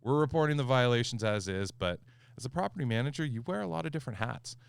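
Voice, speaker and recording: A man hosting a podcast, a property manager telling a story in a casual, animated way and acting out the quoted back-and-forth. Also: mid-range voice, quick pace, gravelly, clear, resonant tone. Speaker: HOA manager and podcast host.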